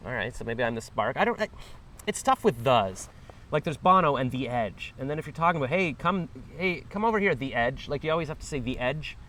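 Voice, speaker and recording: A middle-aged man hosts a relaxed podcast chat, riffing and rambling with a jokey, playful bent. His voice sits at an ordinary pitch, and faint traffic hums in the background. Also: quick pace. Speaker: podcast host. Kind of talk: casual podcast interview.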